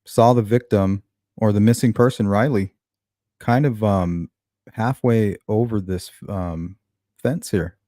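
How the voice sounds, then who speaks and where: A man's voice: on the low side, takes it slowly, dark tone, no room sound, clean studio sound. A man hosting true crime commentary, talking casually and thinking aloud as he reacts to news clips. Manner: conversational, thinking aloud with fillers.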